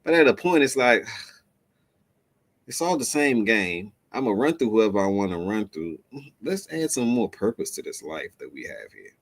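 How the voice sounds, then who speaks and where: A man hosting a reaction show, giving animated, slangy advice straight to his male viewers. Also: fairly low pitch, measured pace. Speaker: host reacting to a clip. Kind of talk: commentary to camera.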